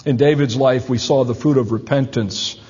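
A man's voice: mid-range voice, fairly even intonation, normal speed, warm tone, slightly rough. A man preaching a sermon as a pastor, speaking earnestly and with emphasis. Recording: long hall reverb, dull lo-fi sound.

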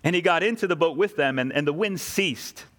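Earnest and emphatic, a man serving as pastor preaches fairly quickly, his voice a little high and a bit bright. He poses rhetorical questions and keeps returning to key phrases.

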